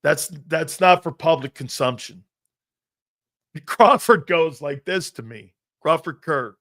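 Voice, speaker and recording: A middle-aged man hosting a sports talk show tells stories slowly in a chatty, rambling manner. He laughs at himself and swings between low mutters and loud exclamations.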